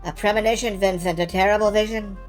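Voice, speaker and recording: A woman voicing a grave old male master and slowly reading his solemn, foreboding lines of game dialogue. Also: medium pitch, fairly even intonation, faint music behind, natural voice.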